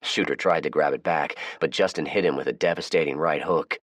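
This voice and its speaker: Very deep-voiced male audiobook narrator. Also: a little fast, no echo. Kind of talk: first-person audiobook narration.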